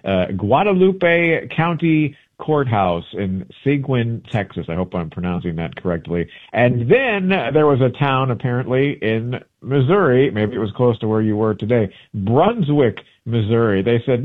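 A man's voice: medium pitch, lively intonation, a little slow, few pauses. A man, a travel book author, chatting in a radio interview and telling rambling stories, often correcting himself mid-sentence. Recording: tinny phone-line audio.

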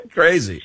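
A man hosting a radio talk show, chatting casually and reading listener texts aloud. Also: fairly high pitch.

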